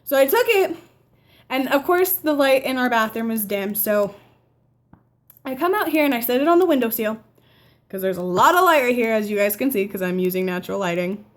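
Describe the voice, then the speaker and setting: A nineteen-year-old woman telling a casual story at home, chatty and animated, quoting the people in her story. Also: fairly high pitch, fairly quick. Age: teens. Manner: chatty, animated retelling with quoted dialogue. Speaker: vlogger. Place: home living room by a window.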